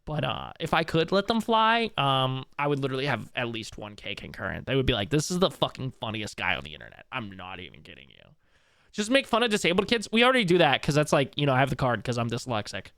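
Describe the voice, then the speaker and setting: A man's voice: mid-range voice, big pitch swings, fast talker, a bit bright, no echo, studio quality. A man live-streaming, rambling and swearing as he reacts to a clip and talks to his chat. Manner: rambling, profane, jumps between clip and chat. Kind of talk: casual live-stream commentary.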